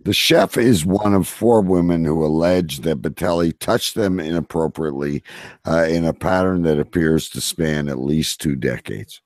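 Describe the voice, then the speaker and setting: A man's voice: extremely low pitch, moderate pace, darkish tone, no echo, studio quality. A man co-hosting a casual talk show who keeps butting in and teasing the others. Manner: teasing, interjecting. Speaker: co-host. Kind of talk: casual podcast banter.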